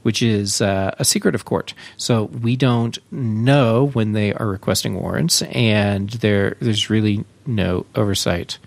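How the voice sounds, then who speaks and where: A man hosting a tech podcast, talking in a relaxed, chatty way with frequent fillers. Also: fairly low pitch, a little slow, vocal fry, hardly any pauses, no echo. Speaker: podcast host. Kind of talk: casual tech podcast talk.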